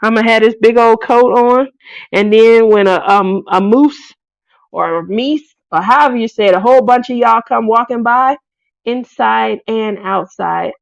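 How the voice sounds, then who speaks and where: A woman's voice: a little high, moderate pace, creaky, no echo. A woman, hosting a craft live stream in casual chat, playful and laughing often as she reads out comments. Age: 40s. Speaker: craft channel host.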